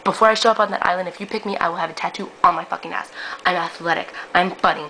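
A woman's voice: fairly low pitch, fairly even intonation, quick pace, bright, forceful tone, slight background noise, low-quality recording. A woman in her twenties recording a brash, profane, self-mocking audition video for a reality show. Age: 20s.

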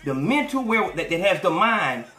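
High, bright-voiced man ranting on a podcast. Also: moderate pace, echoey room. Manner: animated, profane, mocking, slips into quoted voices. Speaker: podcast host. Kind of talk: profane commentary rant.

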